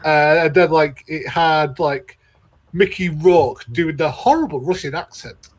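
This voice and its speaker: A man's voice: fairly high pitch, measured pace. A man co-hosting a casual movie-ranking chat, stammering through blunt opinions. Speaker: podcast co-host.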